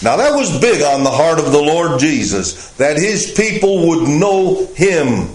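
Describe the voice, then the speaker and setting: A man teaching a Bible lesson as pastor, speaking slowly and deliberately with frequent "uh" fillers. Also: a little high, very animated, reverberant, slight background noise, rough recording.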